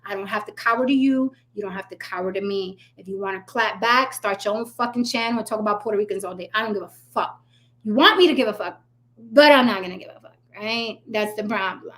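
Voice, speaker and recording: A woman's voice: medium pitch, fast talker, a bit bright. A woman hosting her own commentary channel, ranting bluntly and sarcastically, swearing freely and talking straight to her viewers.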